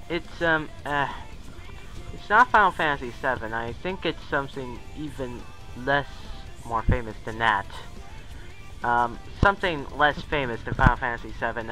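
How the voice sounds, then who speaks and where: A man's voice: medium pitch, animated, measured pace, bright, forceful tone, faint music behind, poor audio. A young man giving a casual countdown commentary in a chatty, rambling way, often correcting himself. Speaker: video commentator.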